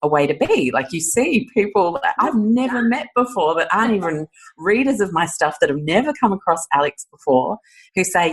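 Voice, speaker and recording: A low-pitched Australian woman chats as a guest on a podcast. She talks at length, animated and full of fillers, and laughs easily. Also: moderate pace, rough recording. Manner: animated, laughs often, chatty with many fillers. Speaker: author guest. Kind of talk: casual podcast interview.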